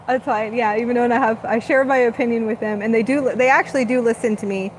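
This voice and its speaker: Female host, rather high voice, dreamy and gushing channeling talk, faint hiss behind. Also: fairly even intonation, fast talker, poor audio. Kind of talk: live spiritual channeling talk.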